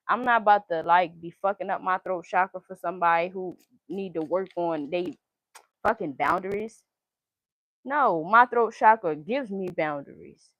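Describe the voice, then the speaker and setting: This low-quality clip, free of room sound, features a woman whose mid-range voice has a fairly bright tone. Giving an informal tarot reading, she intones each card's meaning rhythmically and speaks bluntly, swearing all the while.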